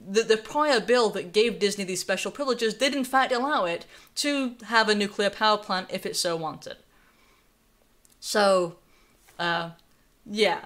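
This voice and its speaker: A young woman with a North Carolina accent hosts a live stream of political commentary. Her delivery is conversational and sarcastic, and she reads viewer messages aloud as she goes. Her voice sits at a middle pitch for a woman. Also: fairly bright tone. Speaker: livestream host.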